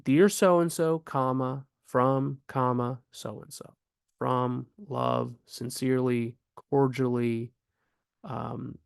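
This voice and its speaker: A man's voice: medium pitch, creaky, no echo, studio quality. A man teaching grammar casually, thinking aloud with frequent ums and restarts. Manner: rhetorical questions asked with rising emphasis.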